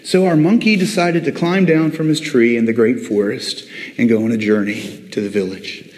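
A male pastor preaching a sermon, telling a story with animated delivery and speaking directly to his congregation. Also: medium pitch, moderate pace. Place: church before a congregation. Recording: long echo of a large hall.

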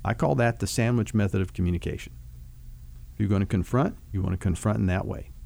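A man who works as a marriage counselor, explaining relationship advice in a relaxed, folksy storytelling way with vivid food analogies. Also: lowish voice, fast, creaky, a little hiss or hum. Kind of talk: conversational teaching on a talk show.

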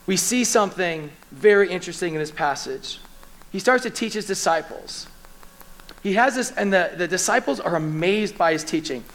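A man's voice: high-pitched, low-quality recording. A middle-aged man preaching a sermon as lead pastor, acting out scripture scenes with urgency. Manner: animated, acts out scripture scenes with pleading urgency.

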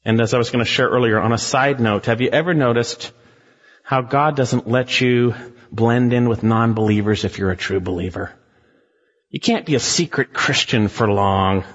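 A man's voice: medium pitch, normal speed, long reverb tail, muffled recording. A man preaching an expository sermon, emphatic and dramatic as he walks through a passage. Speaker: pastor.

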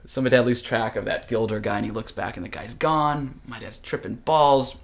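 A man telling a long, animated story in casual chat, often slipping into voices. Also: medium pitch, normal speed, vocal fry, slight background noise. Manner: animated, jumps between acted voices. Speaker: podcast host telling a story.

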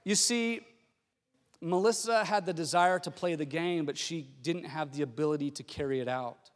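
A middle-aged pastor with a high voice delivers a sermon through a personal story. He tells it in a lively way and often stumbles and restarts his sentences. His voice carries a long reverb from a large hall. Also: normal speed.

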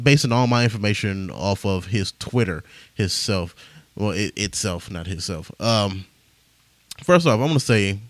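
A man's voice: on the low side, dry recording. A young man hosting a podcast alone, rambling casually with lots of swearing and filler words. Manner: rambling, profane, laughs at himself. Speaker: podcast host.

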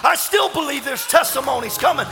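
A man pastor preaching an impassioned sermon to a congregation, often shouting. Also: extremely high pitch, expressive, fairly quick, vocal fry, long reverb tail, over music. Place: church sanctuary.

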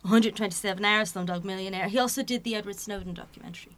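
A woman's voice: mid-range voice, a bit bright. A woman in her twenties co-hosting a podcast, chatting casually about films with knowing asides and jokes. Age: 20s. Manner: knowledgeable, joking, quick asides. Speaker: podcast co-host. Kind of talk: casual film discussion.

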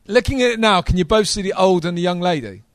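A man preaching a sermon to a live congregation, energetic and talking straight to the audience. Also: high-pitched, fast, no room sound.

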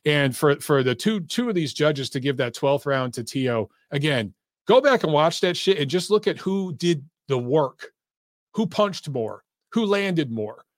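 A man's voice: on the high side, sing-song, unhurried, no room sound, studio quality. A middle-aged man hosting a boxing podcast, ranting in casual commentary with profane, emphatic, repetitive talk.

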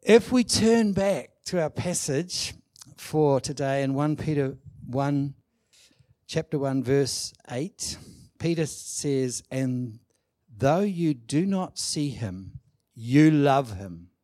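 A man preaching a sermon, emphatic and animated, acting out quoted lines. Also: mid-range voice, slow, no echo, clean studio sound. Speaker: pastor.

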